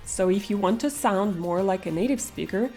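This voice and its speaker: A woman's voice: medium pitch, moderate pace, mellow, faint music behind. A young woman with a Russian accent teaching pronunciation in an online lesson, speaking carefully and stretching out example words.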